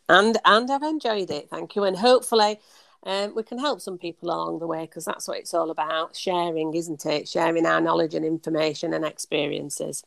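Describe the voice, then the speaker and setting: A woman's voice: on the low side, steady tone, normal speed, gravelly, fairly bright tone, no room sound. A woman guest in a casual conversation, agreeable and friendly.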